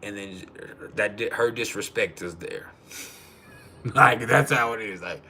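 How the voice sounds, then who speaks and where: A man's voice: fairly low pitch, unhurried, sharp tone, slightly rough. A man talking casually on a livestream, swearing freely and laughing often as he tells stories. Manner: profane, laughing storyteller. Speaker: livestream host.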